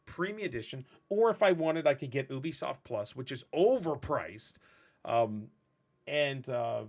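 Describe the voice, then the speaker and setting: Animated, rambling man. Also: medium pitch, measured pace. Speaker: podcast host and streamer. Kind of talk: casual podcast chat.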